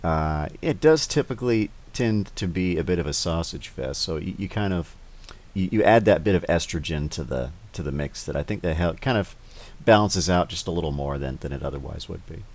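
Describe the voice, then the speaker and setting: A very deep-voiced man hosting a relaxed interview. He stumbles and restarts his sentences often and fills pauses with "uh" and "um.". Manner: hesitant, full of restarts and fillers. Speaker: host. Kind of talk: casual interview.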